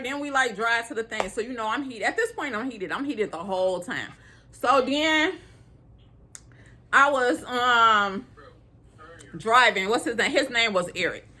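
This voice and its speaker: A young adult woman from Illinois telling a dating story to her viewers in a casual, animated way, laughing often. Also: sits high, a little slow. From Illinois, USA.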